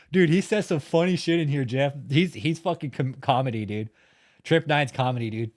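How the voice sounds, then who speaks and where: Profane, laughing livestream host man. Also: fairly high pitch. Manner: profane, mocking, laughs often. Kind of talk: casual livestream chat reading viewer comments.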